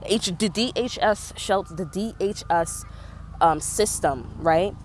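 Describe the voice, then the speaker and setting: A woman's voice: lowish voice, unhurried, a little hiss or hum. Brief: young pregnant woman, profane street-slang rant, fired-up vlog venting. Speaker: vlogger. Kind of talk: casual venting monologue.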